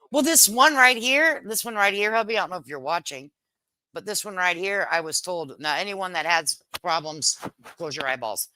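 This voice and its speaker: A woman's voice: lowish voice, animated, moderate pace, sharp tone, no echo. A middle-aged woman hosting a casual livestream, reading viewer comments in a brash, joking way, swearing lightly and laughing often. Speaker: livestream host.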